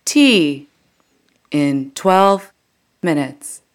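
A woman imitating a flat automated female transit announcer with slow, clipped delivery. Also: low voice, heavily acted. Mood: deadpan.

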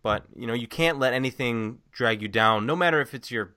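A man's voice: medium pitch, a little fast, bright, forceful tone, clear, resonant tone. A man hosting a podcast in casual conversation, laid-back and encouraging. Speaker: podcast host.

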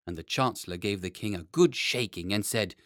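A man narrating a children's story in an expressive, playful way. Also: lowish voice, a little fast, no room sound, clean studio sound. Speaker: audiobook narrator.

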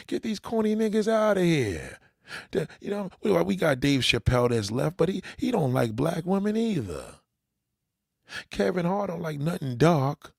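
A man's voice: fairly high pitch, gravelly, darkish tone, dry recording, clean studio sound. A man delivering an angry, profanity-heavy rant as a commentator, talking straight to his audience.

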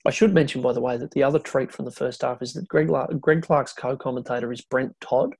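Man with gravelly husky voice. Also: medium pitch, brisk, dry recording. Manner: rambling, restarts, excited asides. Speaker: podcast co-host. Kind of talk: casual chat recapping an old match.

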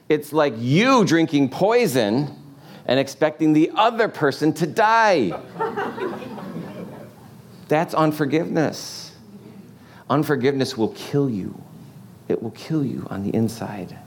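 A man's voice: a little high, expressive, measured pace, long pauses, a little hiss or hum. A man preaching a sermon in a casual, joking way, asking the congregation lots of rhetorical questions. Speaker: pastor.

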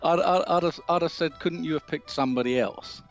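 Halting, dry-humored man co-hosting a podcast. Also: a little high, lo-fi sound, soft background music. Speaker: podcast co-host. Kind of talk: casual chat.

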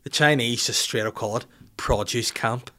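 A young man hosts a podcast in a loose, rambling way, full of cheeky asides and casual swearing. His voice sits at an ordinary male pitch. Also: normal speed, sharp tone. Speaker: podcast host. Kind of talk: casual chat.

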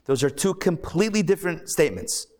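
A rabbi teaching a live class, telling stories in a lively, animated way with playful asides. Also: male voice, a little high, quick pace, a little hiss or hum.

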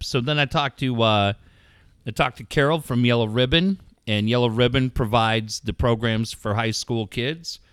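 A man hosting a casual podcast chat, telling stories with lots of swearing and loud acted-out quotes. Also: medium pitch, no room sound, clean studio sound. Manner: animated storyteller, swears a lot, acts out quotes loudly. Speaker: podcast host organizing a charity event.

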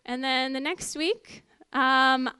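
A woman telling a personal testimony to an audience in a lively storytelling way, acting out what people said. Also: slow pace, smooth. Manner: lively, acts out quoted voices with big pitch jumps. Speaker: speaker giving a personal testimony.

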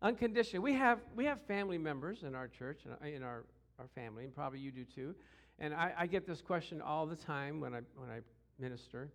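A man preaching a sermon as pastor, lively and calling for responses from the congregation. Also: a little high, quick pace, few pauses.

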